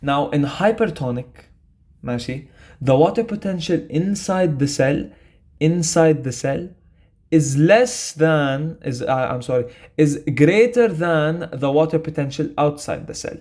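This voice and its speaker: Young guy w/ tinged tutoring bio, kinda high voice, super casual, keeps saying okay?. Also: animated, a little slow, a little mellow. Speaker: biology tutor. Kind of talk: explaining a quiz to students.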